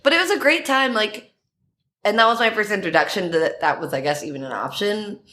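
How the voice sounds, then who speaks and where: Female podcast guest, casual storyteller, very animated pitch, laughs a lot. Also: brisk. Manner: animated, laughing often, quoting herself in higher voices.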